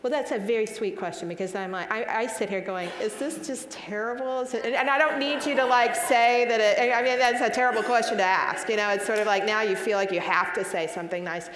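A woman's voice: mid-range voice, fast, hardly any pauses, fairly bright tone, slight background noise. Female speaker, 40s, live Q&A; earnest, repeats herself for emphasis; roomy hall sound with long echo. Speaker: speaker answering audience questions. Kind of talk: live Q&A talk. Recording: echoey hall with long reverb.

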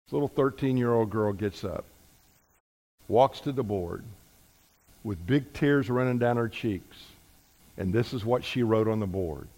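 A man preaching a sermon, telling stories with emphatic, slow, deliberate stresses. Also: lowish voice, mellow. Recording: reverberant hall.

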